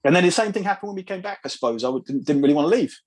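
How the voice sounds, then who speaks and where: A man's voice: a little high, lively intonation, slightly rough. A man in his thirties from England, a podcast guest, speaking in reflective casual talk with an English accent that sometimes slips into an American twang. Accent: English, with an occasional American twang. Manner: reflective, halting, with frequent restarts. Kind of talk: casual conversation.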